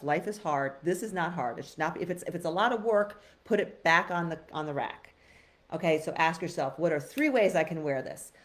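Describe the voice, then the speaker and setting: Chatty woman giving frank advice. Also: on the low side. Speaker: host. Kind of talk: casual live-stream advice talk.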